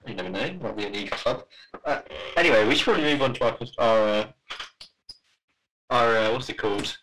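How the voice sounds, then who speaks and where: A man's voice: medium pitch, fairly quick, a bit bright. A man co-hosting a podcast who chips in with teasing jokes. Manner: teasing interjections. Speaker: podcast co-host. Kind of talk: casual chat. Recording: distant mic with faint noise.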